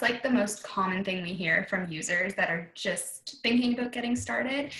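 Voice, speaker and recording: Woman guest in a roomy echo. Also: medium pitch. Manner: steady, explanatory advice-giving. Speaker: sales team manager, podcast guest. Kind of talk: casual conversational interview.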